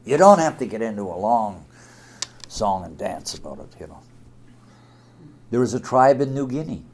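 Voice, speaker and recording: A man giving a religious talk to an audience, speaking emphatically, with big swings in loudness. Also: lowish voice, sing-song, moderate pace, slight background noise.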